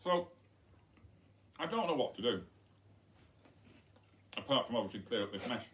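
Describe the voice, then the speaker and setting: A man's voice: mid-range voice, sing-song, normal speed, a bit bright. A middle-aged man, a head teacher, chatting playfully to pupils while demonstrating with props in a school video message.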